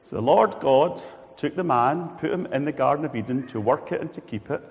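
A man preaching a sermon in a church hall, animated and acting out quoted voices. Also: a little high, fairly quick, slightly rough. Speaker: pastor.

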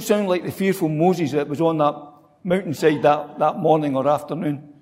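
A man with a fairly high voice preaches a sermon in an easy, conversational way, asking his listeners rhetorical questions. His words ring on in a long reverberant church hall. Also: steady tone, normal speed, darkish tone.

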